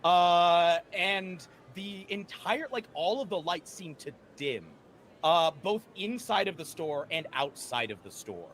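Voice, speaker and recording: Animated high-voiced game master. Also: male voice, takes it slowly. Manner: animated, laughing narration with many fillers. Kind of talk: narrating a tabletop game. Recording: faint background noise.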